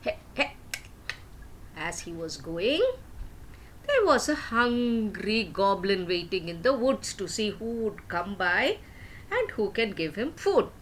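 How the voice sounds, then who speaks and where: A woman's voice: mid-range voice, sing-song, slow pace, slight background noise, poor audio. An older woman telling a story to children, stopping to ask her young listeners questions.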